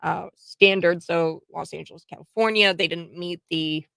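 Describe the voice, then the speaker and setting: An American woman hosts political commentary in an indignant, emphatic way, stumbling over fillers and restarts. Her voice sits a little low with a gravelly edge. The recording is dry and close. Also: fairly even intonation, normal speed, fairly bright tone, no room sound. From United States. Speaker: host.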